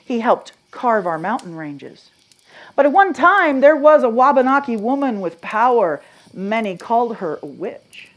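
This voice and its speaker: Dramatic woman storyteller, hushed then lively. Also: fairly high pitch, a little slow. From Maine. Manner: dramatic, swings from hushed to loud and animated; asks the audience questions. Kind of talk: live storytelling to an audience.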